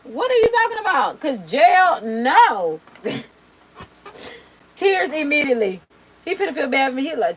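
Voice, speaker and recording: A young adult woman hosting a reaction video, chatting casually in a sassy, animated way while doing her makeup. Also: high-pitched, unhurried, long pauses, rough recording. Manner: sassy, animated, slangy and expressive.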